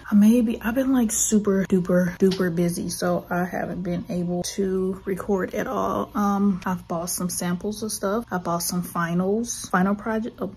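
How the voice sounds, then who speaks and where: A woman's voice: mid-range voice, fairly even intonation, moderate pace, few pauses, a little mellow, a little hiss or hum. A woman who runs a small art shop, out of breath, chatting casually in a vlog from her home office and often correcting herself. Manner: rambling, self-correcting. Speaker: artist running a small online shop.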